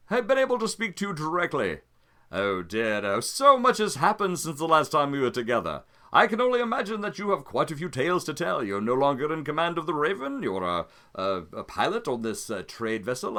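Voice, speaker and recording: A man voicing a smooth, overly courteous male schemer with genteel, menacing politeness. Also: medium pitch, sharp tone.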